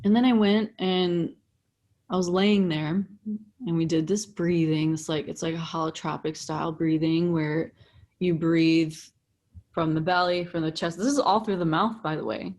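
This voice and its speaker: A young woman, a breathwork facilitator, telling her story in casual chat, animated, swearing freely and saying "like" a lot. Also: sits low, moderate pace. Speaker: breathwork facilitator, podcast guest.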